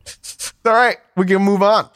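A man's voice: high-pitched, fairly even intonation, normal speed, fairly bright tone. A man co-hosting a casual podcast over a video call, presenting research in a rambling way with lots of fillers and restarts. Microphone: remote call over a video chat app.

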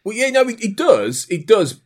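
A man's voice: high-pitched, big pitch swings, normal speed. A man, a podcast guest, eagerly sharing film trivia in casual chat with stumbling restarts. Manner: enthusiastic, stumbling restarts when explaining.

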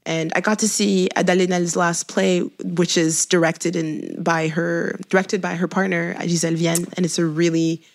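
A woman's voice: on the low side, little pitch movement, moderate pace, creaky, few pauses. A woman whose English carries a shifting French accent, between Quebecois, Franco-Ontarian and Parisian, chatting casually, restarting often and laughing. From Canada. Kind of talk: casual chat.

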